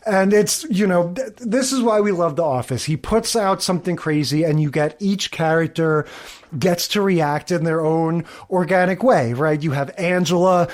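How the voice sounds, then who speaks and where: A man's voice: fairly high pitch, moderate pace. A man co-hosting a podcast, casually recapping a sitcom episode and retelling scenes with quoted lines. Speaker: podcast co-host. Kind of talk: casual chat.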